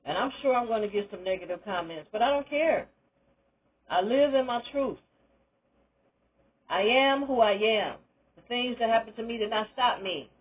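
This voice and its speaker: A woman's voice: fairly high pitch, animated, moderate pace, pauses often, breathy edge, narrow, tinny audio. An older woman, a retired teacher, telling her own story in a candid, emphatic monologue that encourages listeners. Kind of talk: personal testimony monologue.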